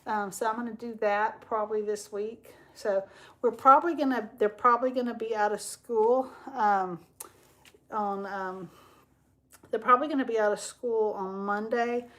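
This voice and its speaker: A woman with a somewhat high voice hosts a casual livestream. She rambles in a chatty way and laughs often as she talks to viewers. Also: fairly even intonation, normal speed. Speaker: crafting livestream host.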